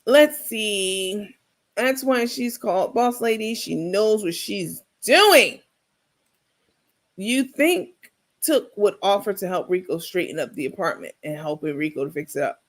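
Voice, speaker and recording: A woman's voice: mid-range voice, lively intonation, unhurried. A woman giving casual comedic reaction commentary, sassy and laughing, talking straight to her viewers.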